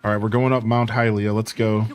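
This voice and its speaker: A man streaming a game, giving casual commentary and telling stories, chatty and animated, full of "like" and "dude". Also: lowish voice, a little fast, soft background music.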